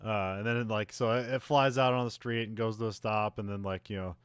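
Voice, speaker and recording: A man with a fairly low voice talks through a movie plot in an easygoing, rambling way, often restarting his sentences and laughing at the silly parts. It is a casual podcast recap, recorded dry and close to the mic. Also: steady tone, fairly quick, smooth, no echo. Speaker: podcast host.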